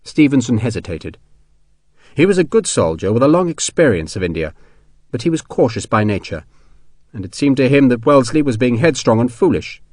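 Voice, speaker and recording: A man giving measured, expressive narration of an audiobook. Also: mid-range voice, no room sound. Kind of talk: scripted narration. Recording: dry studio recording.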